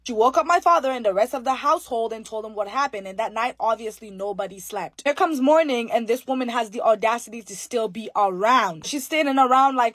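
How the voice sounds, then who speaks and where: A woman from Haiti telling spooky stories in a sassy, profane, animated way. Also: a little high, fast talker, few pauses, dry recording. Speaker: storyteller. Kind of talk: casual spooky storytelling.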